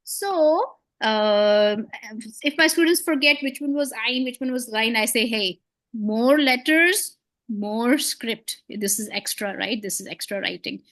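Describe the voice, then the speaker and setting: A woman's voice: on the high side, measured pace, fairly bright tone, no room sound. A woman teaching beginners to read, patient and encouraging, with playful memory tricks and frequent praise. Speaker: Quran reading teacher. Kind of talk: one-on-one beginner lesson.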